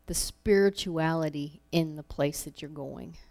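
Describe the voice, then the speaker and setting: A woman's voice: low voice, unhurried, gravelly, darkish tone. A woman giving an informal sermon, telling personal stories in a conversational way with laughs, acting out her own thoughts. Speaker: preacher.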